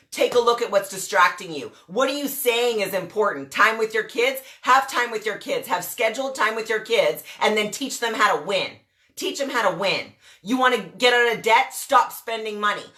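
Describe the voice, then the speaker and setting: A woman's voice: medium pitch, bright, forceful tone. A woman in her forties, a network marketing coach, giving a blunt, mouthy motivational rant and asking "guess what?" again and again.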